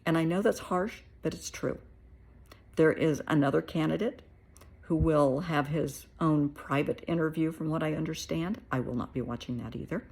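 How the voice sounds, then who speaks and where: A woman's voice: low-pitched, moderate pace, gravelly, darkish tone, husky. A middle-aged American woman therapist giving her blunt, plain-spoken opinions in a casual monologue. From United States.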